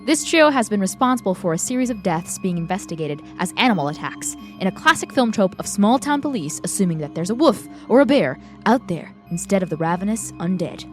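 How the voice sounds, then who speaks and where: A woman co-hosting a film podcast, talking in an excitable, gushing and playful way. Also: mid-range voice, a little fast, hardly any pauses, soft background music. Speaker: podcast co-host. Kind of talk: casual film review chat.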